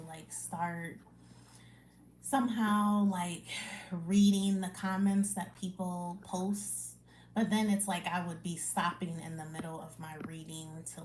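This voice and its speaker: A woman hosting a livestream, reading scripture aloud and then chatting casually with viewers in a relaxed way, full of fillers like "like" and "um". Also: lowish voice, slight background noise. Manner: unhurried, relaxed, with many fillers like "like" and "um". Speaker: livestream Bible reading host. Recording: echoey room.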